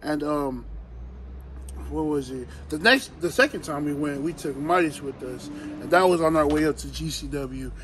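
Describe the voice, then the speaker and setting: A man, a professional wrestler, telling stories in casual chat, animated and laughing as he acts out what others said. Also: on the high side, normal speed, slight background noise, low-quality recording. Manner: animated, laughing storyteller acting out others' voices. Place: outdoors, hot day.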